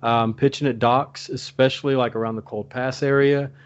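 Louisiana guy on a fishing podcast, relaxed, mid pitch, muffled lo-fi audio. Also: moderate pace, smooth. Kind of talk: casual fishing podcast chat.

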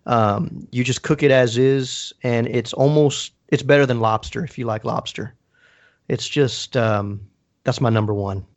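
Halting, excited man in casual chat. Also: mid-range voice. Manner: halting, restarts often, says dude and man.

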